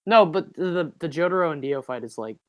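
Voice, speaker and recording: A man's voice: on the high side, animated, a little fast. Crude joking young man on a podcast. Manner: crude and joking, swears a lot, laughs. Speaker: podcast co-host. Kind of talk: casual chat.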